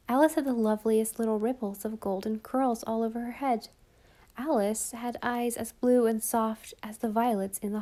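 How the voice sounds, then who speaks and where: A woman narrating a storybook in a calm, even way. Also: a little high. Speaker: audiobook narrator.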